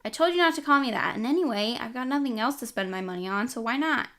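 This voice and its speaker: A woman's voice: fairly high pitch, animated, quick pace, bright, forceful tone, voice pushed up. A woman reading a storybook aloud, voicing a reckless teenage girl who mumbles and runs herself down. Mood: teasing. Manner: mumbled, self-deprecating.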